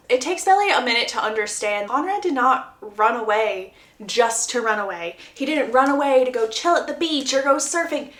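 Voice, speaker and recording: A woman giving a chatty, animated plot recap, laughing often and acting out the lines she quotes. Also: high-pitched. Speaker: book recap youtuber. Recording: roomy echo.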